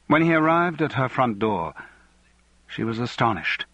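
A man reading a novel aloud as audiobook narrator, measured and even. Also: mid-range voice, dry recording, dull audio. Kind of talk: scripted narration.

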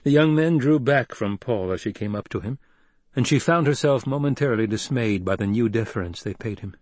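Man, audiobook narration, husky, dry recording, measured. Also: mid-range voice, expressive, a little mellow, no room sound.

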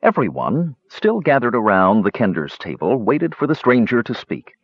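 A husky, very expressive male storyteller. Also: mid-range voice, normal speed, no room sound. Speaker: narrator. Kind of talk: audiobook fantasy narration. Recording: dull, dry close recording.

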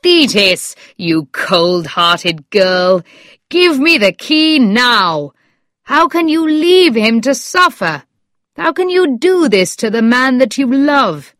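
A woman's voice: high-pitched, animated, slow pace, no room sound, studio quality, voice pushed up. Woman doing an urgent, scolding doctor. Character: anxious doctor, urgent and firm.

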